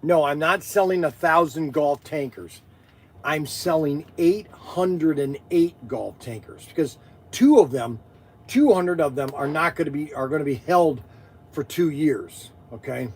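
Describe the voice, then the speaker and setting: Husky, higher-voiced man rambling on a livestream. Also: expressive, a little slow. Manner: rambling, chatty, many fillers and restarts. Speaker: livestream host selling collectible toys. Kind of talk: casual livestream chat.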